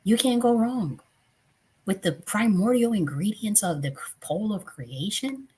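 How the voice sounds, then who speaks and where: A woman's voice: medium pitch, animated, a little slow, a little mellow, husky. A woman in her thirties hosting a tarot live stream, talking casually and bluntly with profanity, often getting worked up. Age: 30s.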